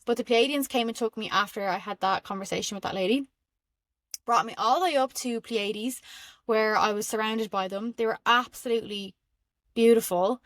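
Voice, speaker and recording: A young Irish woman hosting a podcast, telling spiritual stories in an excitable, rambling way with frequent laughs. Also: fairly high pitch, moderate pace, no room sound. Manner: excitable and rambling, laughs often, many fillers. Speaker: podcast host. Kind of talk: casual spiritual storytelling monologue.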